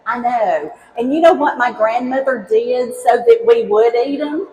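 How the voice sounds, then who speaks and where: A middle-aged woman from Alabama with a Southern accent gives a cooking demo on stage. She is a former high school teacher and talks to the crowd in a cheerful, folksy, chatty way. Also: a little slow, warm tone, a little hiss or hum, poor audio. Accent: Southern American, Alabama. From Alabama, United States. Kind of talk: live cooking demo for an audience. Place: outdoor cooking stage with a live audience.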